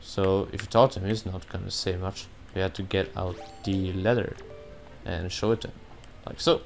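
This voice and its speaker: Low-voiced man joking through gameplay. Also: steady tone, normal speed, gravelly, soft background music. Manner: rambling, joking, offhand. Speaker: video game let's player. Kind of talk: casual gameplay commentary.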